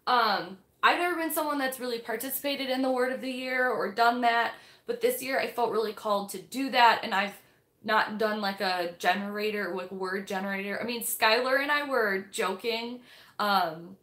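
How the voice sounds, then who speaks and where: This book club livestream host is a young woman whose fairly high voice has a sharp edge and moves at a normal speed. She rambles casually and fills her talk with fillers, all recorded in a room with noticeable echo.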